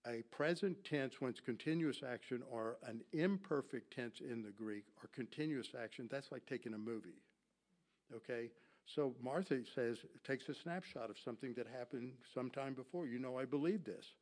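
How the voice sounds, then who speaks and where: A man's voice: mid-range voice, normal speed, a little mellow. A man giving a Bible lesson from slides, explaining Greek grammar and asking his audience questions that he then answers himself. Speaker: Bible teacher. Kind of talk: classroom lecture with slides.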